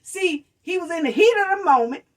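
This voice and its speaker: A woman's voice: extremely high pitch, lively intonation, brisk, distant mic. A woman giving sassy casual reaction commentary as a vlogger, calling her viewers honey and baby.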